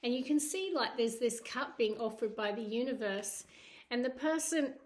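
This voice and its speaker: A woman's voice: fairly high pitch, expressive, moderate pace. A woman with a Scottish accent giving a casual tarot reading, chatty, with many fillers and tag questions. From Scotland. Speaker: tarot reader.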